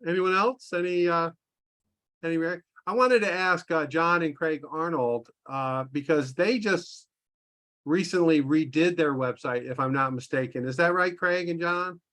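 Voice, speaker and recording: Man, host, video call, bright tone, slightly high voice, chatty restarts. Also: measured pace. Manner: chatty, friendly, stumbling restarts. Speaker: workshop host. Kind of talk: casual Zoom group chat.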